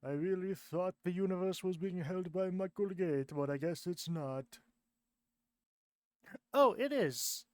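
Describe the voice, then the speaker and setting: A man's voice: sits high, expressive, measured pace, a little mellow, no room sound. A man voicing a sulky, complaining male creature from space in a fan animation. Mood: grumbling.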